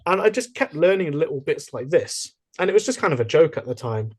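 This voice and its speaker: Animated young man telling stories. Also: fairly high pitch, brisk. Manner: chatty, animated storytelling with many fillers and restarts. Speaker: podcast guest. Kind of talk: casual interview chat.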